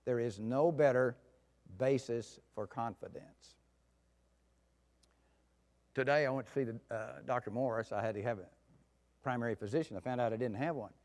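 A man preaching a sermon in a folksy storytelling way, with soft asides and loud outbursts. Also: medium pitch, moderate pace, pauses often. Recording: long hall reverb.

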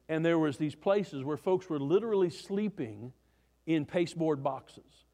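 Man preaching, high voice, chatty storytelling, stumbles and restarts, long hall reverb. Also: darkish tone. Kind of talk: sermon.

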